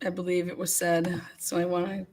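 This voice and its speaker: A woman's voice: fairly low pitch, monotone, quick pace, a little mellow. A woman hosting a casual livestream, calling bingo games and reading viewer comments aloud with frequent laughter. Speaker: livestream host.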